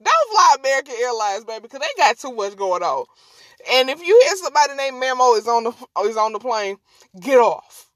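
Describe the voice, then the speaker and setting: Animated, high-voiced woman host. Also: a little fast, no room sound. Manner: animated, slangy, laughs often. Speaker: podcast host. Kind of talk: casual storytelling chat.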